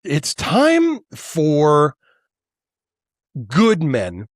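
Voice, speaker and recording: Man, podcast host, furious rant, swearing, stammering restarts, slightly high voice, dry close sound. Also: wildly swooping pitch, drawn-out words, no room sound. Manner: heated, profane ranting with stammered restarts. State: worked up and angry. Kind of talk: angry political monologue.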